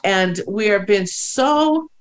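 A woman's voice: medium pitch, lively intonation, slow pace. A middle-aged woman co-hosting a spiritual podcast, emotional and teary, laughing often and restarting her sentences. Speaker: podcast co-host. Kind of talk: casual spiritual podcast chat.

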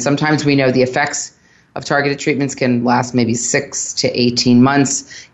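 A man's voice: mid-range voice, gravelly, lo-fi sound. Earnest man hosting a radio show. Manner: earnest, guiding questions, summarizing. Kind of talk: radio interview.

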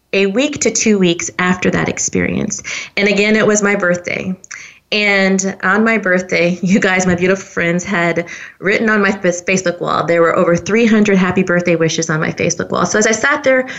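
A woman's voice: mid-range voice, normal speed, fairly bright tone, dull audio. A woman hosting a podcast, telling a personal story in an earnest, heartfelt way straight to her listeners. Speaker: podcast host.

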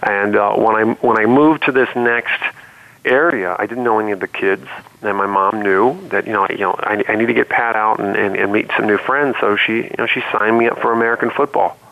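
Interview guest: low gravelly man, phone-line sound, loose rambling storyteller. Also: fairly quick. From Cleveland, Ohio area. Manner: relaxed, rambling with many fillers and restarts. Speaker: interview guest, former pro basketball player. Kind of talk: storytelling in conversation.

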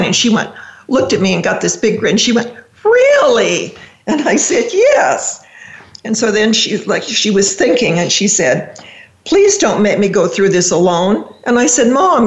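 An older woman speaks as a guest, recalling a family memory in a halting, deeply felt way. Her voice carries a roomy echo. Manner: reflective, halting, deeply emotional. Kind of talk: personal storytelling on a radio show.

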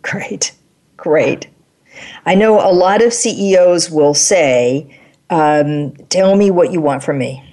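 A woman's voice: deep voice, slow pace, warm tone. A woman hosting an interview, affirming and summing up her guest's points. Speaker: interview host.

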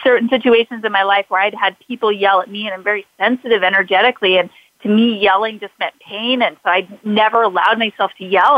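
A woman's voice: mid-range voice, fairly even intonation, fast talker, dry recording, dull audio. A woman hosting an interview, telling a personal story with frequent fillers and restarts. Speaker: podcast host. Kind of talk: conversational interview.

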